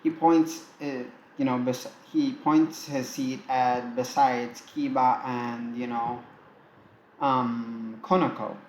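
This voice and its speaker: Man, slow-paced casual storyteller, rambling and tired, echoey room, faint background hum. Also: medium pitch, fairly even intonation. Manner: rambling, self-interrupting, tired. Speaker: fan fiction narrator. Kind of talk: casual improvised story reading.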